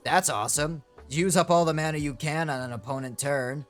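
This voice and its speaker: A man chatting casually on a stream as he opens card packs. He is excitable and rambling, swears freely, and his voice sits a bit high. Faint music plays behind him. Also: brisk. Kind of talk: casual chat while opening card packs.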